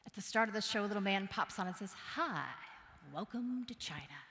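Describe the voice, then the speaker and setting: A woman from Wisconsin giving a motivational keynote speech, telling a story in a playful, animated way and acting out voices and sounds. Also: mid-range voice, brisk, noisy background. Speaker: keynote speaker. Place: large conference hall. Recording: long hall reverb.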